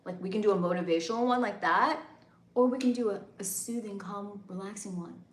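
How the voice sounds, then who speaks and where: A woman's voice: medium pitch, a little fast, reverberant, slight background noise. A woman hosting a casual livestream, hyped and chatty, talking straight to her viewers. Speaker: livestream host and content creator. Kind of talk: casual live chat.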